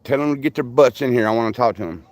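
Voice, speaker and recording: A man's voice: medium pitch, racing, darkish tone, no echo. An older man, rambling through folksy stories while chatting with viewers on a livestream. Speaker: livestream host. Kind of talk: casual live chat with viewers.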